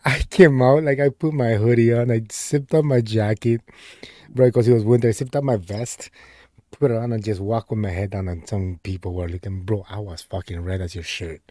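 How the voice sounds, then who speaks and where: A man's voice: on the low side, steady tone, normal speed, warm tone, dry recording, clean studio sound. A young man, co-hosting a podcast and telling embarrassing stories in casual chat, laughing often and saying "bro" a lot. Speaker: podcast co-host.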